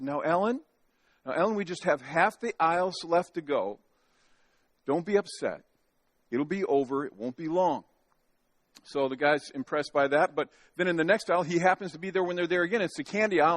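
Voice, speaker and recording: Man, pastor, folksy and joking in the pulpit, fairly high voice, dry close sound. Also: a bit bright, dry recording. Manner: folksy and joking, with many restarts. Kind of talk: sermon. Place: church sanctuary.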